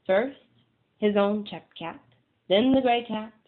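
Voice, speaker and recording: A woman reading a children's picture book aloud with slow, deliberate pacing and dramatic pauses. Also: mid-range voice. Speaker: storyteller. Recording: tinny phone-like sound.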